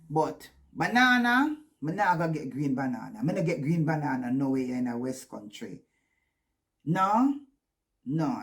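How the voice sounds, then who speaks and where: A Jamaican woman telling stories casually to camera, animated and laughing often, mixing in patois. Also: lowish voice. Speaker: vlogger. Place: living in the West Country of England.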